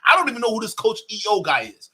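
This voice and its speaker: Male reaction host: mocking, incredulous, keeps laughing; slightly high, bright tone. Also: wildly swooping pitch, racing, breathy edge. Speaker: commentary host. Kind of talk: reaction commentary.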